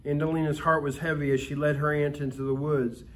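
A man reading a Christmas story aloud in a calm, expressive storytelling manner, with occasional small slips. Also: a little high, fairly quick. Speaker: story reader.

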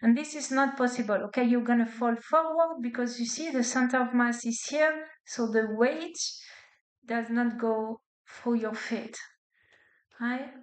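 A woman's voice: on the high side, unhurried. A woman physics lecturer with a non-native accent, explaining step by step and checking in with her students. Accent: non-native English. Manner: explains step by step with frequent "okay?" and "right?" checks. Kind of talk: classroom lecture. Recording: echoey lecture hall.

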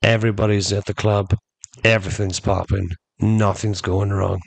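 A man's voice: on the low side, little pitch movement, normal speed, gravelly, no room sound. A man hosting a podcast, telling a rambling story casually and calling his listeners folks. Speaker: podcast host.

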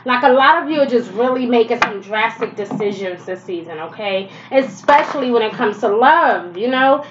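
A woman's voice: a little high, animated, moderate pace, lo-fi sound, noisy background. Chatty, blunt tarot reader woman. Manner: chatty, blunt, swears freely, laughs often. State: stuffy nose from allergies. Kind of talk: casual tarot reading to camera.

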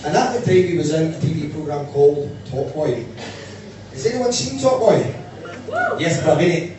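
Glaswegian stand-up comic, higher voice, far and echoey live room. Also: male voice, normal speed. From Scotland. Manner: animated storytelling, bursts into loud shouting impressions. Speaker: stand-up comedian. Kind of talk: stand-up comedy set. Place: live venue with audience. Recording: echoey distant room mic with noise.

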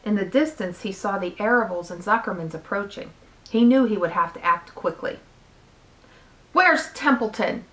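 A teacher reading a chapter book aloud with steady, expressive storytelling. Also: female voice, mid-range voice, fairly quick, poor audio.

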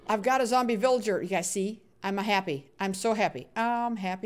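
A woman's voice: mid-range voice, brisk, few pauses. A woman live-streaming a building game talks nonstop in a casual, playful way. She coaxes the characters on screen in a sing-song voice and stops to answer people in the chat. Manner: reads out viewer chat names and answers them. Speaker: Minecraft streamer.

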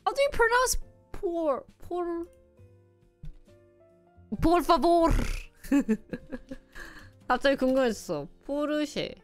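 A woman's voice: high-pitched, very animated, fast, soft background music. A woman streamer in casual live-stream chat, laughing often as she reads lists aloud and tries out pronunciations. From Korea. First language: Korean.

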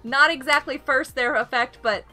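A woman's voice: high voice, moderate pace, sharp tone, soft background music. A young woman live-streaming a game, chatting casually and giggling often as she greets viewers.

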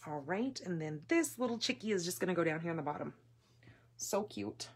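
A woman hosting a live papercraft class, chatting in a gushing, excitable way with fillers as she works at a table in her home craft room. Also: lowish voice, a little fast, slightly rough. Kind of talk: casual live craft demonstration.

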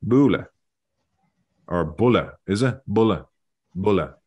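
A man's voice: on the low side, expressive, slow pace, a little mellow, slightly rough. A man hosting a casual language lesson over a video call, thinking aloud and repeating words as he goes. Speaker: Irish learning video host.

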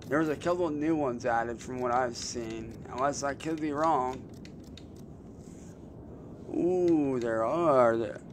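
A young man chatting casually while streaming a car game, loose and swearing, mocking trolls and getting excited over cars. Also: medium pitch, slow pace, long pauses, background noise.

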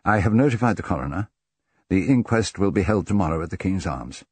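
A man reading a grave, deliberate doctor. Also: deep voice, animated, a little mellow, slightly rough, dry recording. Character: stern middle-aged male country doctor. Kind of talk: audiobook character reading.

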